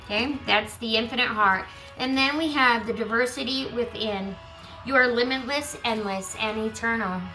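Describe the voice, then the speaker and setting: A woman giving a collective tarot reading who reads card texts aloud and breaks into chatty asides. She is losing her voice and keeps clearing her throat. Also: fairly high pitch, moderate pace, bright, forceful tone, soft background music, low-quality recording. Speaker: tarot reader.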